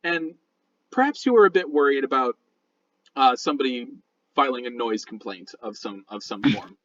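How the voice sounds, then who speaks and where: A man narrating a tabletop game as game master, in a slow, dramatic storytelling manner. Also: mid-range voice, lively intonation, a bit bright, highs cut off.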